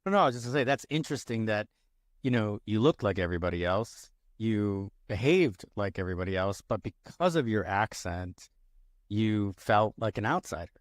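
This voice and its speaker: Low-voiced male podcast host. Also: animated, moderate pace, no room sound, studio quality. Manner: reflective, summarizing the guest's point back to her. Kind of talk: casual interview.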